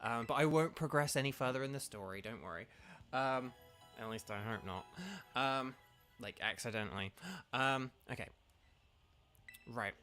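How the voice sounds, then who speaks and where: A man's voice: mid-range voice, moderate pace, fairly bright tone, soft background music. A man, congested, hosting a let's play with rambling, filler-heavy commentary. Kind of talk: casual game commentary.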